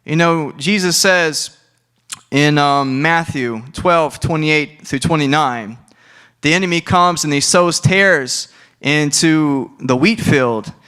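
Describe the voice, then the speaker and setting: A man's voice: a little high, takes it slowly, bright, forceful tone, clear, resonant tone. A young man giving a casual, conversational sermon, full of asides and restarts. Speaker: preacher.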